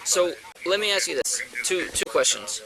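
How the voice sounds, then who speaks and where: A police officer speaking firmly and briskly at a tense scene. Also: male voice, fairly high pitch, very animated, rough recording. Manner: firm, brisk. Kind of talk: questioning at a scene. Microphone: police body camera. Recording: body camera with crowd noise.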